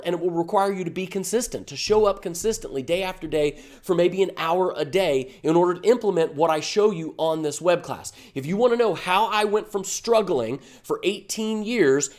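A man's voice: high voice, a little mellow. A man giving a fired-up, emphatic motivational talk to camera as an online business coach, full of rhetorical questions.

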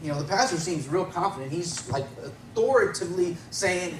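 A man's voice: high voice, animated, a little fast, far from the mic, slight background noise. Man telling testimony in an echoey church. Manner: conversational storytelling with frequent chuckles. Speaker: guest giving testimony.

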